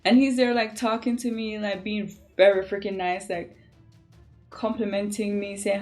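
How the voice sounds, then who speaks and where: A young woman from Jamaica with a Jamaican accent, chatting casually to camera in an animated way and laughing often. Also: medium pitch, moderate pace, faint music behind. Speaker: vlogger.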